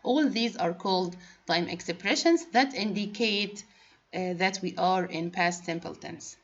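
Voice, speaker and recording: A woman's voice: on the low side, a little slow. A woman whose first language is Arabic teaches English grammar in a patient classroom lesson, spelling out letters and rules one by one. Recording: dull lo-fi recording.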